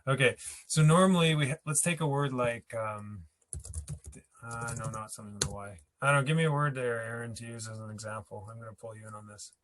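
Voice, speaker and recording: A man's voice: medium pitch, brisk, a bit bright. A man teaching a language class, patient and chatty, thinking aloud as he explains and writes examples. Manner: patient, laughs easily, thinks aloud mid-sentence. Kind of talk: explaining grammar at a whiteboard.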